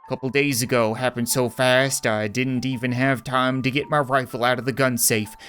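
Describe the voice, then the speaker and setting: A man voicing a bitter, weary young woman rancher from a game, speaking low and slow with halting stammers. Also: level tone, a bit bright, soft background music, natural voice. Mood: bitter, grieving. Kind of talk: reading game dialogue aloud.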